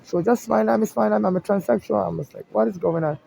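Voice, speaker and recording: A man talking in a rambling casual monologue to camera, filling his pauses with "you know". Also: high voice, vocal fry, dark tone, slight background noise, poor audio. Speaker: vlogger. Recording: music playing behind the voice.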